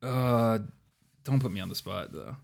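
A man's voice: mid-range voice, a little slow, vocal fry, darkish tone. A man co-hosting a podcast in casual chat, rambling and self-deprecating, with lots of fillers. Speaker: podcast co-host.

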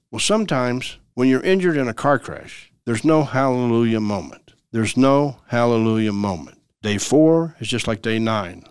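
A man's voice: medium pitch, animated, normal speed, few pauses, clear, resonant tone, dry recording. Emphatic male lawyer host, dry sound. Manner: emphatic and repetitive, acts out everyday dialogues. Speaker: lawyer hosting a legal radio show. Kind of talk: conversational legal advice talk.

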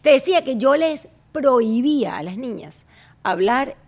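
A middle-aged woman hosting a podcast in casual chat, chatty and quick to laugh, switching between Spanish and English. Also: high voice, expressive, a little mellow. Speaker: podcast host.

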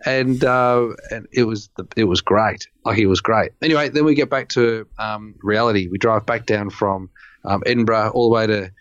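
A man's voice: on the low side, moderate pace, no room sound. Man telling stories, dry muffled sound. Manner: animated, rambling, exasperated humor. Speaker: podcast co-host. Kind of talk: casual storytelling chat. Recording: dry, slightly muffled recording.

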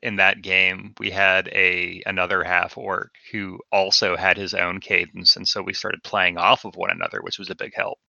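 A man's voice: sits low, little pitch movement, moderate pace, gravelly, hardly any pauses, pushed and bright, dry recording. A man in a casual podcast chat, hesitant and self-deprecating with many fillers. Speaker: podcast co-host. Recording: dull, slightly lo-fi dry sound.

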